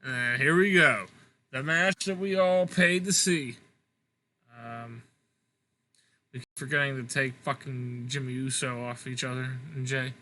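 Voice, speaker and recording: A man's voice: medium pitch, unhurried, sharp tone, poor audio. A young man casually reading out match results from a game, plain with dry asides. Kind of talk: casual gaming commentary.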